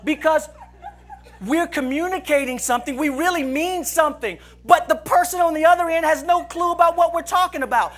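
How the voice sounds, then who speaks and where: A pastor with an extremely high, fairly bright voice speaks a little fast through a humorous sermon. Playfully telling stories, he laughs a lot and does imitations of his friends.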